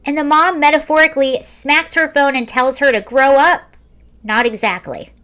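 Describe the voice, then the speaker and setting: A woman's voice: sits high, steady tone, normal speed, a bit bright. A woman in her early forties hosting a casual video, reading a story aloud with wry, sarcastic commentary. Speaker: video host.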